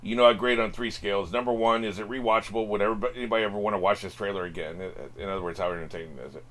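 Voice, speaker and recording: A man talks casually to his viewers, hosting a reaction video. His voice sits on the low side, and he rambles, doubling back on words and padding with fillers. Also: fast talker, a bit bright. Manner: rambling, many fillers and restarts. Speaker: reaction channel host. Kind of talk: casual direct-to-camera chat.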